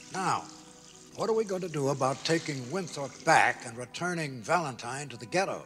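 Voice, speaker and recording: A cold rich schemer, measured plummy delivery, slow and lilting, film clip with score. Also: male voice, fairly high pitch, animated. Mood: smug. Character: wealthy scheming businessman, smug and cold. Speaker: film character. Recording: film clip with music behind.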